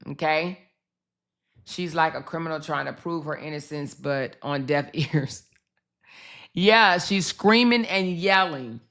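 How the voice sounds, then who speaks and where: A woman hosting a casual livestream, talking animatedly straight to her chat and laughing often as she comments. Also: deep voice. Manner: chatty, animated, talks to her chat directly.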